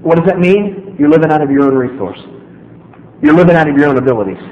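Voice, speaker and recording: Animated high-voiced preacher in an echoey hall. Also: male voice, quick pace. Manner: emphatic, joking, talks straight to the listeners. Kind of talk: sermon. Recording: echoey hall, dull lo-fi sound.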